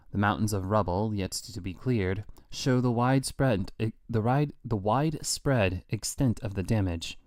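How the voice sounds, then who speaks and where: A man voicing an objective TV news reporter, reading a report in a steady, formal broadcast manner. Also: fairly low pitch, clear, resonant tone, no room sound, clean studio sound, lightly acted.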